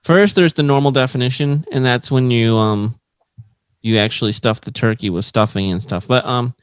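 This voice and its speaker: A man's voice: medium pitch, smooth, dry recording, clean studio sound. A man co-hosting a comedy podcast, laughing often and riffing on crude jokes. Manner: laughs a lot, drawn-out slow delivery. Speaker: podcast co-host.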